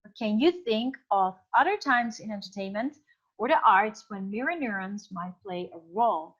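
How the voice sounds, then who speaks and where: A woman's voice: mid-range voice, expressive, normal speed, fairly bright tone, highs cut off. A woman teacher giving an online class. She explains through many examples and thinks aloud with fillers. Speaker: English teacher.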